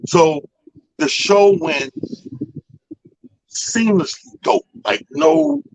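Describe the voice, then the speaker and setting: A man's voice: high-pitched, very slow, gravelly, no echo, poor audio. A man hosting a radio talk show, telling a profane story and acting out other people's lines. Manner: animated storyteller, acts out people's quotes, profane. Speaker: comedy show organizer. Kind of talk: casual storytelling chat.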